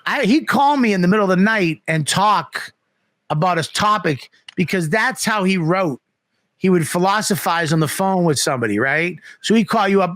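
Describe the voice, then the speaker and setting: A middle-aged man telling animated, profane stories on a comedy podcast. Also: sits high, moderate pace, dry recording, studio quality. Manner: animated, profane, acts out voices in his story. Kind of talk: casual storytelling on a comedy podcast.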